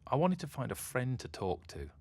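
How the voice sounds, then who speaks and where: A man's voice: big pitch swings, moderate pace, slightly rough. A man voicing a lonely young mermaid girl in a storybook reading, scornful and whiny. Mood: sad. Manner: scornful, whiny, high and loud.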